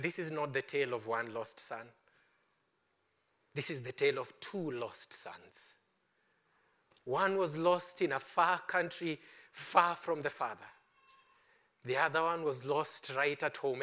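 Impassioned preacher, high bright voice. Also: male voice, expressive, unhurried. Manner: impassioned, swings from loud declaring to hushed pleading. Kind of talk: sermon.

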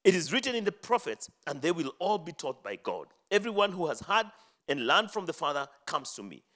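A man preaching a sermon, reading scripture aloud and explaining it, rising to loud emphatic phrases and dropping to low, quiet endings. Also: sing-song, fairly quick. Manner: dramatic swings from loud high emphasis to low hushed endings.

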